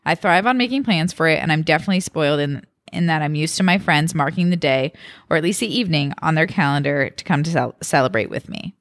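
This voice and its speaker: A woman's voice: sits low, fast, no room sound, studio quality. A young woman co-hosting a podcast, chatting casually and reading a forum post aloud in an easygoing tone. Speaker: podcast co-host.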